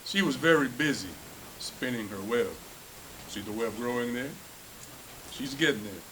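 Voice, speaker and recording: A man's voice: medium pitch, unhurried, background noise. A man reading a children's picture book aloud at a school festival, playing up the animal noises.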